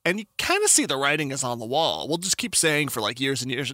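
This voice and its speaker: A man's voice: mid-range voice, expressive, brisk, few pauses, pushed and bright, dry recording. A man hosting a tech news show, reading stories with sarcastic joking asides. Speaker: host. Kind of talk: casual tech news commentary.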